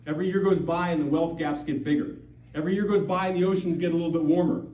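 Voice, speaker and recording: Speaking fast in a highish voice with fairly even intonation, a middle-aged Montana man addresses a parish audience as a guest speaker. His talk is conversational and emphatic, laced with rhetorical questions. Captured in a parish hall or church, the audio is distant, roomy, and dull.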